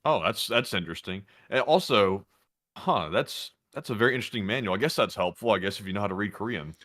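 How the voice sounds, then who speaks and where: Low-voiced man making wry remarks. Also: animated, fast, fairly bright tone. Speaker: co-host. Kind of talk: casual chat.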